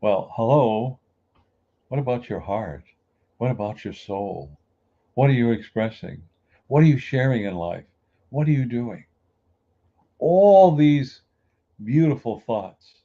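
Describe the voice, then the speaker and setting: Low, mellow-voiced man giving a motivational talk. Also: creaky, muffled recording. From US East Coast. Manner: folksy, emphatic, acts out everyday people. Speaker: inspirational speaker.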